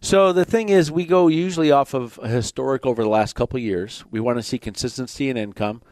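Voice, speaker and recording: A man's voice: medium pitch, fast, darkish tone, no echo. A man with a Michigan accent hosting a radio mortgage show, explaining loans in a plainspoken way with jokes mixed in. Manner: plainspoken, joking between explanations. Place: radio studio.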